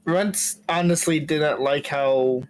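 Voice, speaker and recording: A player in a tabletop role-playing game, speaking slowly and deliberately about a goblin character's feelings. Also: mid-range voice, rough recording. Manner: slow and deliberate.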